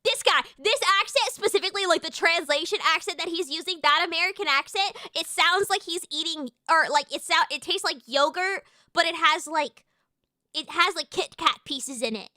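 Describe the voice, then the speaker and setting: A woman streaming as a VTuber in casual chat, loud, swearing often and tripping over her words. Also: very high-pitched, normal speed, no echo, studio quality. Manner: loud, swears a lot, stumbling restarts. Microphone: streaming mic.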